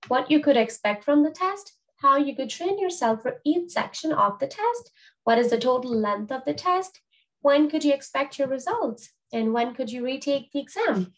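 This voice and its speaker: A young woman who teaches French walks learners through an exam in a chatty, loosely structured way. She leans on fillers and restarts as she explains. Her voice sits a little high. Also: low-quality recording.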